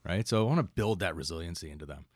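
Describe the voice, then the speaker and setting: Man, low voice, quick talker, rambling anecdotes, casual interview, dry close sound. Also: dry recording. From Canada. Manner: relaxed, rambling anecdotes with many asides. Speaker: firefighter and instructor, guest.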